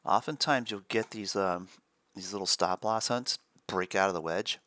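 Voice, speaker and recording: A man's voice: deep voice, normal speed, sharp tone, no echo. A man co-hosting a live day trading stream, chatting casually and chuckling as he explains chart setups.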